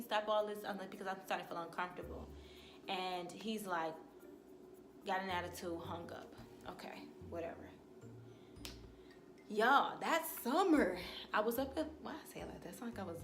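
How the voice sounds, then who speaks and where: A young American woman telling a storytime vlog in a lively, animated way, often calling her viewers "y'all" and acting out both sides of her conversations. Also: medium pitch. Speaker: vlogger. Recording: roomy echo with faint background hiss.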